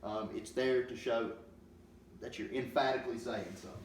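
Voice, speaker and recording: Male teacher, patient, halting delivery full of ums, far from the mic in a roomy space with faint hiss. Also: medium pitch, fairly even intonation. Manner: slow, patient explaining with many ums. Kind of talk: classroom grammar lesson.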